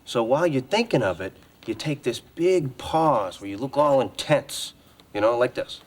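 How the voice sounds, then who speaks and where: A man's voice: mid-range voice, expressive, moderate pace, lightly acted. An actor playing an easygoing, slightly dim young male soap actor in a sitcom, laid-back and earnest. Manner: earnest, laid-back, explaining acting tips. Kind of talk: sitcom acting.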